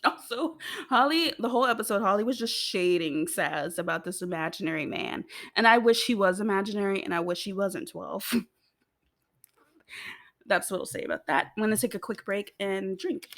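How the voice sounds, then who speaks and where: A woman's voice: medium pitch, expressive, normal speed, a bit bright. A young American woman chatting casually as she recaps a TV show, laughing often and filling her talk with asides. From United States. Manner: giggly, chatty, lots of fillers and asides. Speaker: video host.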